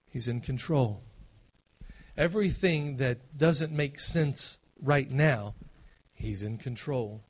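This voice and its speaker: A man preaching a sermon as pastor, conversational and self-deprecating, swinging between loud emphasis and hushed asides. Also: mid-range voice, husky.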